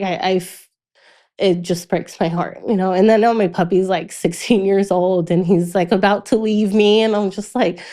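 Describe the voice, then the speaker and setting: Young woman on a podcast, mid pitch, talks in starts and stops, gets quiet on the hard parts. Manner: halting, with frequent "like" and restarts; quiet and subdued in painful moments. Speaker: podcast guest. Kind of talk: candid personal storytelling.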